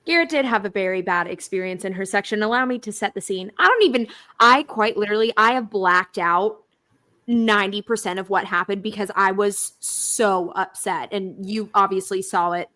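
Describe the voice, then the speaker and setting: Bright-voiced woman telling stories. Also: medium pitch, moderate pace. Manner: animated storytelling, swearing, blunt. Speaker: podcast co-host. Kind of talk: casual chat.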